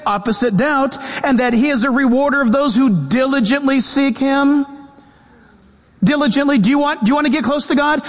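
High-voiced preaching man in a reverberant hall. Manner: animated preaching with quoted voices and humor. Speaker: pastor. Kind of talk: sermon. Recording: long reverb of a large hall.

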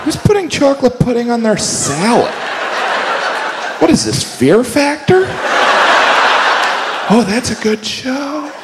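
A man's voice: extremely high pitch, sing-song, slow pace, long pauses, big-room sound, very noisy. A man doing observational stand-up comedy with a wry delivery.

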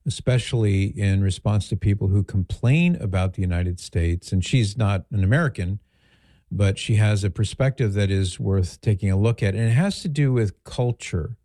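Relaxed, mellow-voiced man hosting talk radio. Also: on the low side, normal speed, dry recording. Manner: relaxed, conversational, with fillers and asides. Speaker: radio host.

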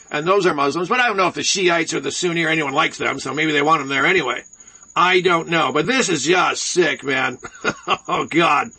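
A man's voice: high-pitched, bright, forceful tone, breathy edge, poor audio. A man from Detroit hosting a radio talk show, delivering a sarcastic, rambling monologue full of asides.

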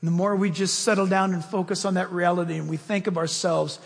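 A man preaching a sermon as pastor, telling stories with swings between loud bursts and hushed asides. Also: high voice, level tone, brisk, creaky, big-room sound.

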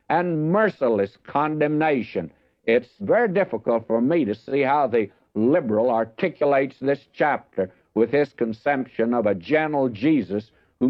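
A man's voice: medium pitch, no room sound, lo-fi sound. A man giving an earnest, emphatic verse-by-verse Bible teaching sermon, speaking straight to his listeners. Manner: earnest, emphatic preaching that addresses listeners directly.

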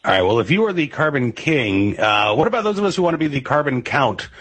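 Radio host guy, kinda husky, stumbles through his questions. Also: medium pitch, very animated, a bit bright. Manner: halting, lots of fillers and repeats while asking questions. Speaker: radio talk show host. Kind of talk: radio interview.

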